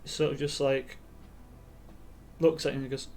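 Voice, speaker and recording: This game master's voice is medium-pitched, level and darkish, and he speaks without hurrying. Running a tabletop game on stream, he narrates in a loose, hesitant way, full of ums and "sort of".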